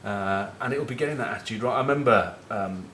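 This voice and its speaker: In casual rugby chat, a middle-aged ex-captain from northern England tells anecdotes and cheeky, sweary match stories in a Northern English accent. He talks fast, his voice on the low side with a fairly bright tone. There's reverb and slight background noise.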